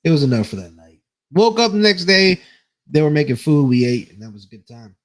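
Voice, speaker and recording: A man's voice: fairly high pitch, big pitch swings, fairly quick. A man on a podcast telling a rambling, profane story in casual chat, laughing as he goes. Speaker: podcast co-host.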